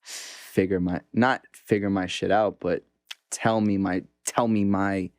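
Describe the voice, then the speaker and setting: A man hosts a casual interview in a low voice. His questions come out halting, with restarts while he searches for words. The sound is dry and close-miked. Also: fairly even intonation, no room sound. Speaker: podcast host.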